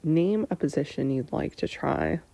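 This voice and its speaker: Candid but hesitant, a woman in her thirties responds to personal questions with frequent pauses, occasionally sinking into a breathy near-whisper. She has a warm, deep voice that swings widely in pitch.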